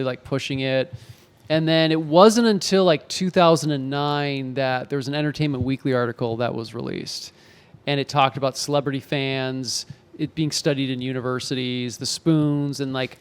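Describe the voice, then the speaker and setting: A man in his forties, an actor and author, telling animated anecdotes in a casual interview and acting out the quotes. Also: medium pitch, normal speed, smooth. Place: home in Los Angeles.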